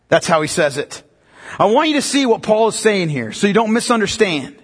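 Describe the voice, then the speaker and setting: A man preaching a sermon as pastor, emphatic and building to loud, pressing peaks. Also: high-pitched, slightly rough, in a large hall.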